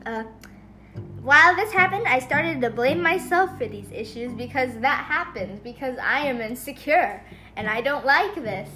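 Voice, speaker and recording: High-voiced woman rambling, music behind. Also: expressive, moderate pace, pushed and bright. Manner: rambling, acts out quoted voices. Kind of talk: casual family devotional talk. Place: home.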